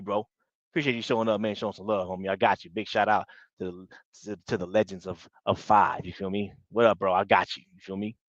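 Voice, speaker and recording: A man's voice: fairly low pitch, no echo, dull audio. A man hosting a basketball live stream, chatting casually in slang, greeting viewers and repeating himself as he talks through matchups. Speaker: basketball channel host.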